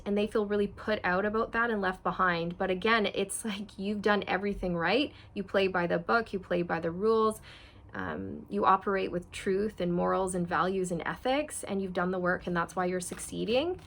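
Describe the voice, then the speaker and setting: A woman with a gravelly, fry-edged voice gives a casual tarot reading to camera. She chats directly with her viewers and circles back over the same points. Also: mid-range voice, moderate pace, fairly bright tone. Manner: chatty, repetitive, speaks straight to viewers. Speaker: tarot reader.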